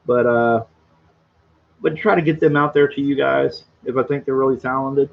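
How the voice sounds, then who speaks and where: Rambling boisterous man, slightly hoarse. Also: mid-range voice, steady tone, moderate pace, phone-quality sound. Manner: rambling, boisterous, self-deprecating. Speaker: livestream host reading chat. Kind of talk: casual livestream chat.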